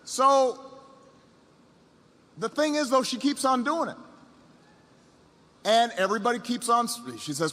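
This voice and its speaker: A man's voice: very high-pitched, lively intonation. Storytelling man in an echoey hall. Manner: slow, measured storytelling, rising to shouts. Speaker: politician giving a campaign speech. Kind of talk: storytelling speech.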